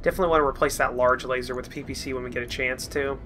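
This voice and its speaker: A man hosting a let's play, thinking aloud in relaxed, chatty gameplay commentary. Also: mid-range voice, very fast.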